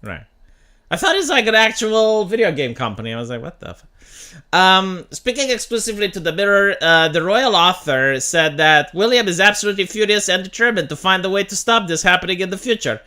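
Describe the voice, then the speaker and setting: A man's voice: high voice, sing-song, a little fast, sharp tone. A man hosting a casual livestream, reading news aloud and riffing bluntly with plenty of swearing. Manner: blunt, profane, reads news aloud and riffs. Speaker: livestream host.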